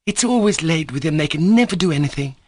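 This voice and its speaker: A man's voice: mid-range voice, fast, dry recording, studio quality, pitched above the performer's own voice, close to an everyday voice. A man playing imperious, scolding Grushenka. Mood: angry. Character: Grushenka, proud young woman, imperious, quick-tempered.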